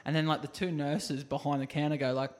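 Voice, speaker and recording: A man's voice: on the high side, little pitch movement, fairly quick, darkish tone. A man with an Australian accent, co-hosting a podcast, telling rambling stories in casual chat and swearing freely. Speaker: podcast co-host.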